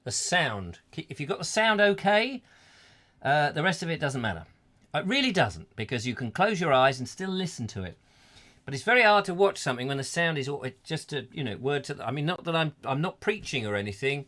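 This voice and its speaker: A man's voice: fairly high pitch, big pitch swings, brisk, sharp tone. A middle-aged man hosting a live comedy chat show, rambling through viewers' comments with puns and silly asides. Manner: rambling, punning, bursts into silly voices and song.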